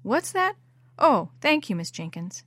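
A woman reading a storybook aloud, voicing a gruff, lonely old judge who speaks curtly and grudgingly. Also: fairly high pitch, very animated, a little slow, fairly bright tone, no room sound, full character voice. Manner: curt, grudging.

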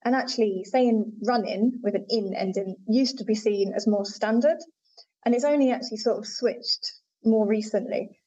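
A woman's voice: mid-range voice, normal speed, mellow. A woman linguistics researcher, a podcast guest, explaining in an articulate, conversational way with frequent fillers. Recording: dull lo-fi audio.

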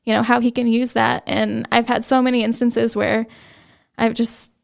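A young woman, fairly high-voiced, tells her faith testimony as an interview guest, earnest and halting. Her tone stays flat and even, with a gravelly fry running under an otherwise smooth voice. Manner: earnest, halting, with many fillers.

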